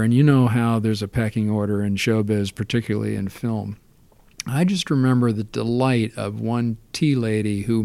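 Man, gravelly low voice, dry sound, rambling anecdotes with fillers. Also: darkish tone, no room sound. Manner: rambling, many fillers and restarts. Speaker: interview guest. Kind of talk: relaxed anecdotal storytelling.

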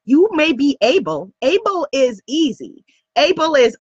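High voiced lady coach going live, preachy and coaxing, dull dry audio. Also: big pitch swings, unhurried, no echo. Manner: emphatic, preachy, coaxing, talks straight to viewers. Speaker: spiritual business coach. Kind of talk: live-stream motivational talk.

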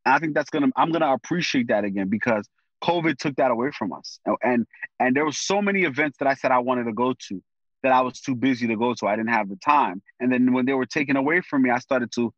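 A man speaking as a guest in a casual conversation, animated and full of slang, often thinking aloud with fillers. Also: mid-range voice, fast, dry recording, muffled recording.

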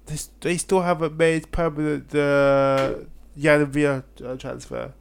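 A man with a slightly raised, gravelly voice talks football in a loose, unscripted way. He hesitates, trails off and restarts his sentences as he works out his view. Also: a little high, flat delivery, unhurried. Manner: hesitant, many fillers and restarts. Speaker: podcast co-host. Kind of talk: casual football chat.

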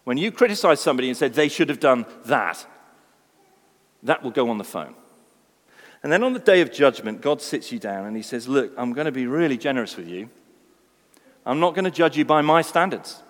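Expressive preacher in a reverberant church hall. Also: male voice, medium pitch, brisk, long pauses. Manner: expressive preaching, swinging from quiet to loud. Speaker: pastor. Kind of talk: sermon.

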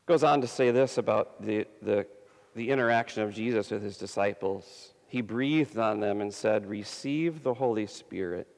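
A man preaching a sermon as a pastor, slow and emphatic with long pauses, his voice slightly gravelly. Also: lowish voice, long reverb tail.

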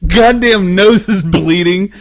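Young oklahoma guy, kinda high voice, swears a lot and laughs through his stories, dry close mic. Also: slow pace, no echo. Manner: profane, animated storytelling with frequent laughter. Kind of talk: casual comedic chat.

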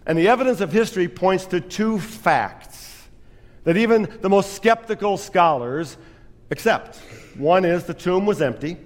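A man's voice: high-pitched, animated, a little slow, long reverb tail. A man preaching a sermon as pastor, telling a story with self-deprecating humor.

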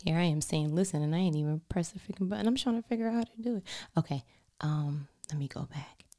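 Animated woman telling a story, slipping into whispers. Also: deep voice, fast. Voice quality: drops into whispers often. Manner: animated, expressive, talks directly to listeners. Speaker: mother telling a story about her daughter. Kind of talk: casual storytelling to camera.

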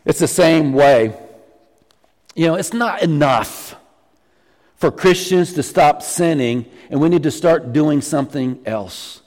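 A middle-aged man preaching a sermon as pastor, animated and teasing the congregation. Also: a little high, takes it slowly, in a large hall. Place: church sanctuary.

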